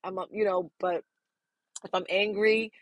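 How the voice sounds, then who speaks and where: A woman's voice: medium pitch, steady tone, a little slow, no room sound. A middle-aged woman hosting a podcast, talking candidly and casually about self-care, laughing often as she goes. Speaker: podcast host.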